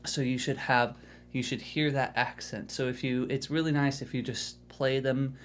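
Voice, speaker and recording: A man's voice: medium pitch, little pitch movement, normal speed, over music. A man teaching a drum lesson in a casual, encouraging way, often checking in with the viewer. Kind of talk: instructional video lesson.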